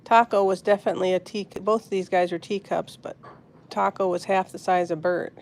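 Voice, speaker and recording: Woman on a phone livestream, gravelly low-key voice, faint hiss behind, soft and sad. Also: steady tone, brisk. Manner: soft, grieving, answering chat comments. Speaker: pet channel host. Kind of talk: live stream chat with viewers.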